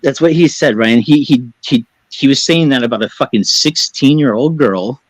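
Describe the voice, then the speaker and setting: Worked-up guy ranting defensively, cussing nonstop, mid-pitched voice, dead dry sound. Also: normal speed, no room sound, rough recording. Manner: agitated, defensive, heavily profane, rambling. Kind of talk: heated live-stream talk.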